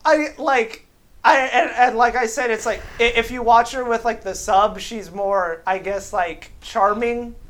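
Chatty, high-voiced woman rambling. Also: unhurried. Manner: rambling, lots of "like" fillers, swears freely. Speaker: podcast host. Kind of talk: casual podcast chat about anime.

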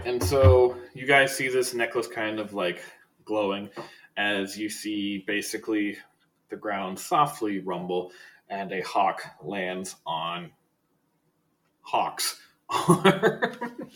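A man's voice: fairly low pitch, a bit bright. Chatty, laughing male game master. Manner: laughs often, loose and chatty. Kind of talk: narrating a tabletop game.

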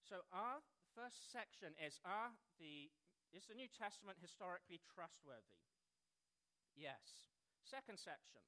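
An English man in his thirties preaching a sermon in a lively, self-deprecating way with jokey asides. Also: high voice, a little slow. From England. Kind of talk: sermon talk.

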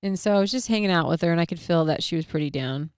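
Woman, middle-aged, casual storyteller. Smooth, lowish voice, dry close recording. Animated, acts out her thoughts, swears freely. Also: very fast, dry recording.

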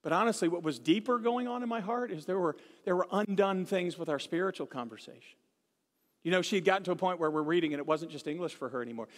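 Pastor, man, high voice, humorous storytelling sermon, live church hall sound. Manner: storytelling with humor, animated swings. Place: church sanctuary.

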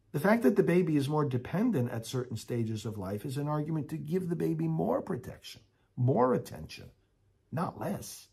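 A man's voice: a little high, slightly rough. A man preaching a sermon with earnest emphasis, then leading prayers aloud as a priest.

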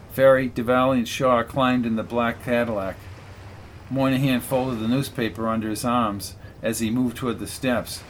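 An audiobook narrator with a medium-pitched voice reads a novel in a steady, measured way. It is scripted narration, with slight background noise.

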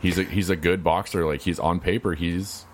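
A man's voice: low-pitched, steady tone, moderate pace, slight background noise. A young man co-hosting a podcast, tired and rambling casually, trailing off mid-thought. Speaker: podcast co-host. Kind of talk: casual chat.

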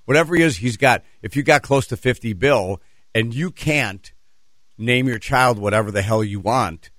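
A man's voice: mid-range voice, moderate pace, a bit bright, no echo. A man co-hosting a radio show, rambling in a folksy, self-deprecating way. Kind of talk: casual studio banter.

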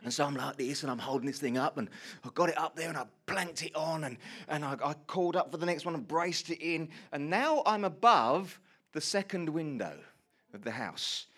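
A man gives a sermon to a congregation in a fairly high voice. He tells a story with lively energy and acts out his quoted lines with loud outbursts. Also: normal speed, slightly rough. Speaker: pastor. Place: church hall before a congregation.

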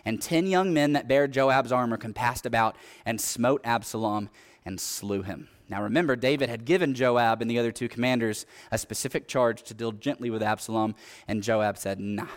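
A man's voice: mid-range voice, normal speed. A man preaching a sermon, telling a Bible story and reading scripture aloud, building up energy at the dramatic parts. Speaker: pastor.

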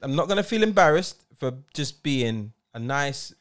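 Lively man in his forties. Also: fairly high pitch, normal speed. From UK, Jamaican heritage. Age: 40s. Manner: playful, repetitive, pushy questioning. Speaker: podcast co-host. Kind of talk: casual banter.

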